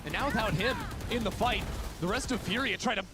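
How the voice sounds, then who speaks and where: A man giving energetic play-by-play esports commentary that builds on key plays. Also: sits high, brisk. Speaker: esports caster.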